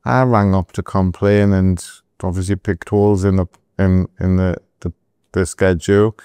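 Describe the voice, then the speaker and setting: Smooth-voiced storyteller. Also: male voice, sits low, moderate pace, dry recording. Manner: animated anecdotal storyteller, asides to the host. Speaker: entrepreneur guest. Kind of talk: storytelling podcast interview.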